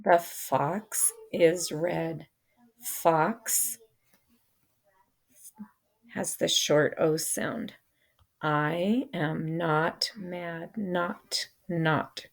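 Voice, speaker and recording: A woman teaching an English reading lesson, saying each word slowly and then spelling it out letter by letter. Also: lowish voice, creaky. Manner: spells words letter by letter, deliberate. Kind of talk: slow phonics lesson.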